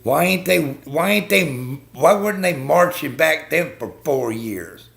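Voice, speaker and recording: Gravelly, heated man ranting on a live stream. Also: a little high, lively intonation, measured pace, a bit bright. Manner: heated, blunt, swears constantly, talks to viewers as folks. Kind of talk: profane political rant on a live stream.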